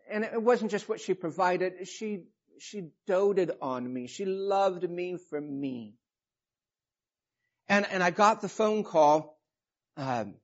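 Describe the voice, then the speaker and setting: A man in his fifties preaching a sermon, telling a personal story with emotion and reading scripture with rising passion. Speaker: pastor. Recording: muffled low-fidelity recording.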